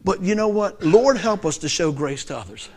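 High-voiced animated male preacher. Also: normal speed. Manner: animated storytelling with laughter and loud peaks. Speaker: pastor. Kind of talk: sermon.

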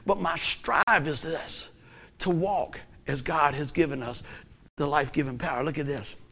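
A man preaching a sermon in a folksy, conversational way, swinging from hushed lines to shouts. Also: on the high side, moderate pace, vocal fry.

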